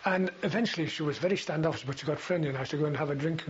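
An older veteran shares oral history recollections in an unhurried, rambling way, frequently stalling on fillers and starting sentences over. For a man, his voice sits a little high. A faint hiss runs through the dull, lo-fi recording.

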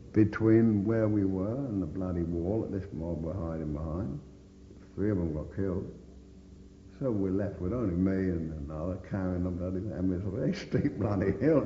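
A veteran with a lowish voice and vocal fry bluntly recalls the war in an oral history interview, cursing constantly. There's slight background noise, and the reverberant room makes the recording dull and echoey.

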